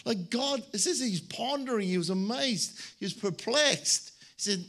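A man preaching a lively, joking sermon, his voice sitting fairly high for a man. He tells his stories animatedly and stumbles over restarts as he goes. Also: measured pace.

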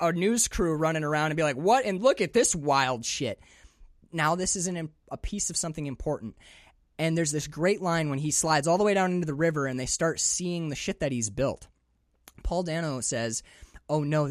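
Male podcast co-host, lively and profane, dry close-miked sound. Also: a little high, dry recording. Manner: animated, swears freely, acts out characters' lines. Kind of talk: casual movie discussion.

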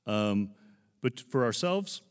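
Pastor, 40s, male, very low voice, earnest and heartfelt sermon, echoing hall. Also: big pitch swings, slow, smooth. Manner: earnest, emotional, conversational with scripture readings.

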